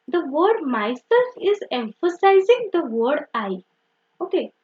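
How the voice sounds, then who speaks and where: With a high-pitched, darkish voice, a young woman explains grammar step by step. She repeats herself, self-corrects, and leans often on "okay" and "so," and the recording is dull and lo-fi.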